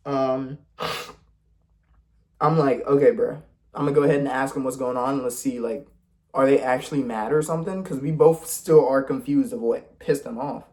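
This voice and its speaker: A man's voice: mid-range voice, fairly even intonation, normal speed, a little mellow. A young man telling a casual storytime vlog, full of slang and swearing, acting out the people in his story. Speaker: vlogger.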